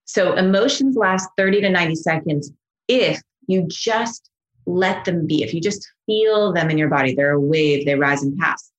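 A middle-aged woman psychologist speaking as a podcast guest, explaining mindfulness in a gentle, enthusiastic way and acting out soothing inner voices. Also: lowish voice, moderate pace, rough recording.

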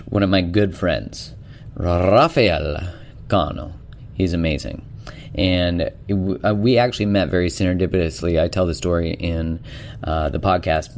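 A male podcast host with a very low voice speaks in an upbeat, chatty way. He introduces the episode and talks casually with his guest. A faint noise sits under the recording. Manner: warm, enthusiastic and chatty.

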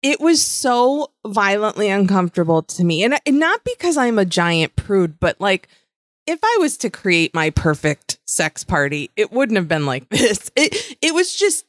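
A woman's voice: mid-range voice, sing-song, unhurried, no room sound, studio quality. A woman co-hosting a podcast, recapping a TV series in blunt, casual chat that swears freely. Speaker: podcast co-host.

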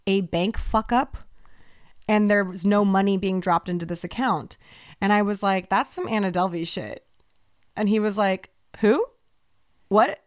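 A woman co-hosting a podcast in casual chat, telling stories in an animated, profane, ranting way. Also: mid-range voice, no room sound, clean studio sound. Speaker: podcast co-host.

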